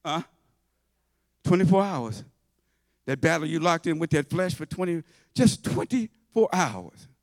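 Preacher guy, gravelly, high voice, shouts then drops way down, dry sound. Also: expressive, normal speed, no room sound. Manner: shouting and half-singing at high points, then dropping to low asides; conversational, folksy, with repetitions and laughter. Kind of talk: sermon. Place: church.

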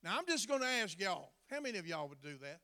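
Middle-aged man, folksy sermon storyteller; high, bright voice; reverberant church hall. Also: fairly quick, clear, resonant tone. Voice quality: folksy, drawling, colloquial grammar. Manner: animated, builds to loud emphatic bursts. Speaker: preacher.

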